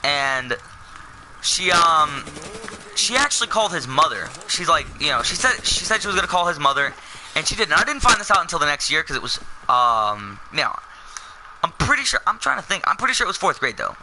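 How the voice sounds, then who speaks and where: A man's voice: fairly high pitch, big pitch swings, fairly quick, bright, forceful tone, a little hiss or hum, poor audio. Rambling young man telling a story. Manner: rambling, self-correcting, full of fillers. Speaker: vlogger. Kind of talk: casual storytelling.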